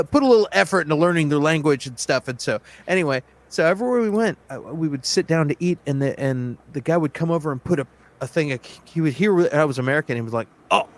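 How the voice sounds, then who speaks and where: High-voiced man telling a story. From Texas. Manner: animated, self-mocking anecdote with acted quotes. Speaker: co-host. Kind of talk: casual chat, storytelling.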